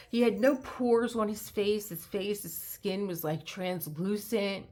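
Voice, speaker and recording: A woman's voice: medium pitch, lively intonation, a little slow, darkish tone. A woman hosting a crafting channel, telling a long rambling anecdote in casual chat with many restarts. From United States.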